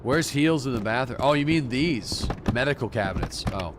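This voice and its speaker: A laid-back man streaming a game, chatting loosely with a friend and swearing as he thinks aloud. His voice sits in an ordinary middle register. Clear game audio runs under his talk. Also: mid-range voice, expressive, normal speed, few pauses, noisy background. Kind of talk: casual gaming chat with a co-op partner.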